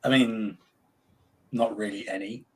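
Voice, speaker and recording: A male podcast co-host answers in a dry, wry way. His voice is husky and a little breathy. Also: on the low side, fairly even intonation, measured pace, darkish tone. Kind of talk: casual podcast chat.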